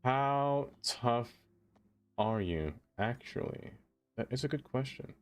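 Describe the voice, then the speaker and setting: A man with a mid-range voice talks slowly but animatedly as he streams a city-building game. He chats casually with his viewers, teasing them in a playful way.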